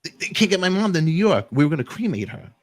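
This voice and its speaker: A man hosting a talk show, telling an emotional story in a rambling, animated way with sudden jumps in pitch. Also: fast, no room sound. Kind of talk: emotional casual monologue.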